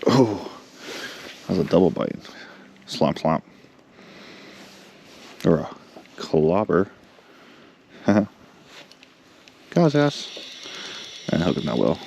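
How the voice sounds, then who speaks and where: A man vlogging while fishing, chatting casually and getting excited, talking to the fish he catches. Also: deep voice, takes it slowly, vocal fry, pauses often, slight background noise. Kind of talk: casual chat. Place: on a boat outdoors.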